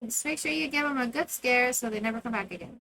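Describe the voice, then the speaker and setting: A woman voicing a gruff old man who lives off scraps, grumbling as she reads game dialogue aloud. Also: fairly high pitch, fast talker, sharp tone, poor audio.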